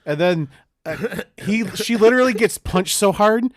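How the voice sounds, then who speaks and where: A man's voice: high voice, animated, moderate pace, no room sound, clean studio sound. A man co-hosting a podcast, recapping a movie in a rambling, profane way, with silly quoted voices. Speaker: podcast co-host. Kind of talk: casual chat.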